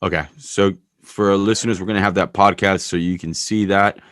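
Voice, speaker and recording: A man hosts a podcast in a loose, rambling conversation, open about himself and quick to swear. His voice sits low and sounds dry and close, with no room around it. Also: fairly even intonation, a bit bright, dry recording. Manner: candid, rambling, swears freely. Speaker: podcast host.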